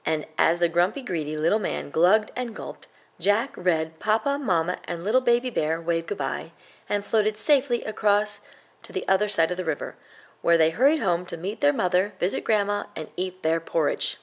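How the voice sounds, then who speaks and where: A woman's voice: on the low side, lively intonation, normal speed. A woman reading a children's picture book aloud, with playful sound words.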